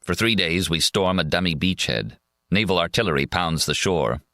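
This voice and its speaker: A man reading a memoir audiobook in a measured, steady first-person narration. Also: low voice, dry recording, studio quality. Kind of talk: scripted narration.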